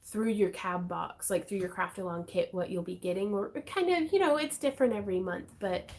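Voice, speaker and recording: A woman hosting a craft livestream, chatting casually in a bubbly, excitable way with frequent giggles. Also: medium pitch, fairly quick.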